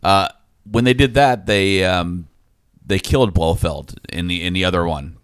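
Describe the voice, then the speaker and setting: A man's voice: low-pitched, moderate pace, smooth, no echo, clean studio sound. A man co-hosting a podcast, musing hesitantly in casual chat. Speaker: podcast co-host.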